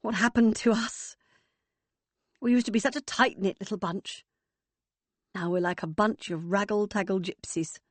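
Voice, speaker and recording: A woman's voice: medium pitch, fairly even intonation, moderate pace, long pauses, no echo, natural voice. A woman reading an audiobook voices a self-absorbed mother near sixty with a breezy, sing-song manner. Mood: airy. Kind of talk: audiobook character voice.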